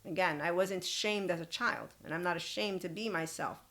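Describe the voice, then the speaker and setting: A woman's voice: fairly low pitch, steady tone, moderate pace, pushed and bright. A woman hosting a solo podcast, talking bluntly and rambling, swearing freely, laughing often and correcting herself mid-sentence. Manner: rambling, restarts and self-corrections. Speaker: podcast host.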